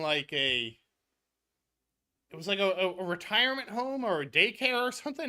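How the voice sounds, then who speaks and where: A woman's voice: medium pitch, pushed and bright. A woman gaming streamer chatting casually while she plays, telling stories with frequent laughs and trailing restarts. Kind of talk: casual chat while playing a game.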